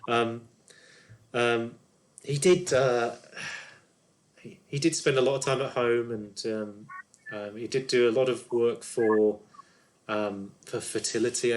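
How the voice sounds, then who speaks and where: A fretful neighbour woman who rambles on, stumbling over her words and circling back on herself, as a man puts her on in a mid-pitched voice. She gossips in a hesitant, nervous way, full of ums and restarts. It is a tabletop role-play. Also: lightly acted. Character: nervous, chatty middle-aged woman neighbour.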